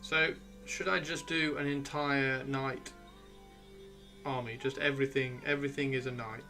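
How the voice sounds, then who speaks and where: A man's voice: mid-range voice, fairly even intonation, a little slow, bright, forceful tone. Male streamer, casual rambling chat, swears lightly, faint music behind. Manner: rambling, swears casually, talks to himself while browsing. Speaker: livestream host. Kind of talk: casual chat while gaming.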